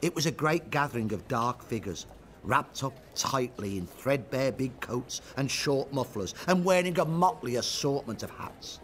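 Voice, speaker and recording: A man narrating a scripted historical account, measured, with rhetorical questions. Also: mid-range voice, expressive, fairly bright tone, a little hiss or hum.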